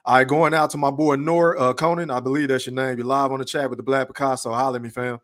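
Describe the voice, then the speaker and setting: A man hosting a live podcast stream, reading out shout-outs and bringing callers on in a laid-back way. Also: medium pitch, little pitch movement, fast. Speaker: podcast host taking callers. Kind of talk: casual live-stream chat.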